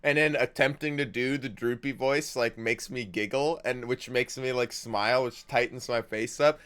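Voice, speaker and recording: A man's voice: medium pitch, fairly even intonation, normal speed, fairly bright tone. Profane, joking young man streaming. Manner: profane, joking, frequent laughter. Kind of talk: casual gaming livestream chat.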